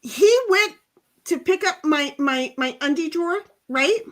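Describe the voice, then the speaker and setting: A woman's voice: high voice, animated, a little slow. A woman hosting a casual livestream, chatting in a rambling way, laughing often and reading out the live chat. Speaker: livestream host.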